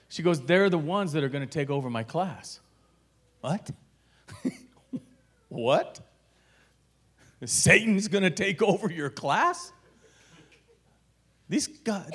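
A middle-aged man telling a personal story, acting out the dialogue and swinging from hushed asides to shouted lines. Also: high-pitched. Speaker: guest telling his story. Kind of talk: animated storytelling.

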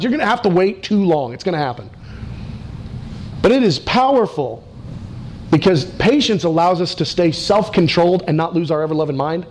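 Brief: middle-aged male pastor, high lively voice, sermon delivery, faint room ambience. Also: slight background noise. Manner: animated preaching, acts out quoted voices, slows for emphasis.

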